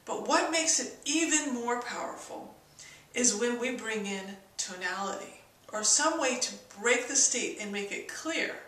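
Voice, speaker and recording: A woman's voice: fairly high pitch, lively intonation, measured pace, a bit bright, echoey room, recorded from a distance, rough recording. A woman teaching persuasion in an instructional video, stopping often to act out the tone of example sentences. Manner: demonstrates tone shifts in example sentences.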